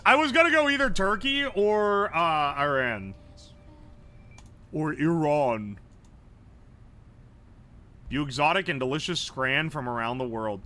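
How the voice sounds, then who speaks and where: High bright-voiced male streamer, excitable. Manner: excitable, profane, thinking aloud. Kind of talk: casual game commentary.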